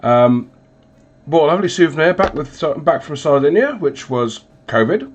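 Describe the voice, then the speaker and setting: His voice rides high now, very animated, at a moderate speed, through dull audio with some background noise. The congested, recovering livestream host keeps rambling as he paints, peppering it with ums and self-deprecating asides from his hot room where the windows stay shut.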